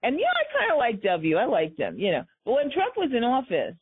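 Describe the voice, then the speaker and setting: A woman's voice: on the high side, huge pitch swings, brisk, breathy edge. A woman hosting a talk show, giving emphatic commentary and repeating her key points for effect. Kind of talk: conversational commentary. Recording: tinny phone-line sound.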